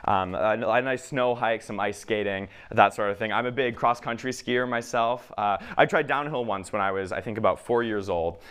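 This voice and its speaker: A young man from Minnesota performing a stand-up comedy set, telling a self-deprecating story with halting pauses and many fillers. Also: on the low side, a bit bright, clear, resonant tone. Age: young adult.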